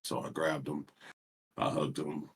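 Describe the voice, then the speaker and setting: A man calling in to a voice chat, speaking softly and haltingly with many restarts, a little far from his mic. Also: extremely low pitch, completely flat delivery, slight background noise. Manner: soft-spoken and halting, full of restarts. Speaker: caller. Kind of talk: casual call-in chat. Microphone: voice call mic held too far away.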